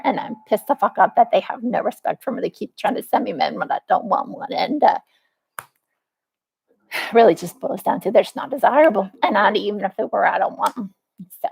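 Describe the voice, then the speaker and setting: A woman's voice: a little high, vocal fry, a little mellow, slightly rough, poor audio. A woman in her forties venting in a rambling, profane vlog monologue, full of restarts. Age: 40s. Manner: aggrieved, venting. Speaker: vlogger.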